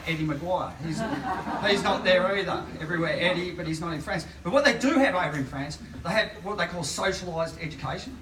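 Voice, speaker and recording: A man's voice: high-pitched, bright, forceful tone. A man in his forties with an Australian accent, telling rambling stand-up stories full of fillers to a live crowd. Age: 40s. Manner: rambling, filler-heavy storytelling. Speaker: stand-up comedian. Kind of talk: stand-up comedy. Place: live comedy venue. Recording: echoey venue, distant mic, noisy. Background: audience laughter.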